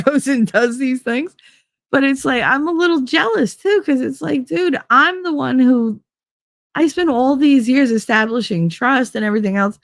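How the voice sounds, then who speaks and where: A woman's voice: mid-range voice, no room sound. Woman, middle-aged, casual monologue, candid, rambling, acts out quotes, dry close sound. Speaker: podcast host.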